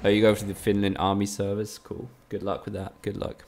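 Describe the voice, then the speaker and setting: A man's voice: fairly low pitch, monotone, fairly quick, a little mellow. A man from the UK, streaming a game live and trading teasing, sweary banter with his chat. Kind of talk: casual live-stream commentary.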